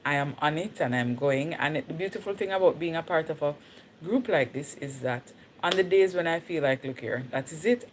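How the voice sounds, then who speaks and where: A woman's voice: deep voice, slight background noise. A Jamaican woman chatting casually on her livestream, slipping into patois and laughing easily. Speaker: livestream host.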